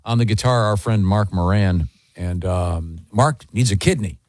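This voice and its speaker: A man's voice: fairly low pitch, no echo. A man hosting a morning radio show, chatting and reading a live ad with many fillers. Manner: relaxed, halting with fillers.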